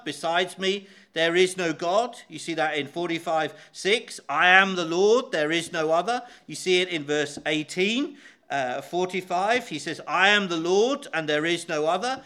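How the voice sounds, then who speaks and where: Man, preacher, sermon, high bright voice, slow and emphatic, hesitant fillers. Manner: measured, emphatic, with frequent uh and um.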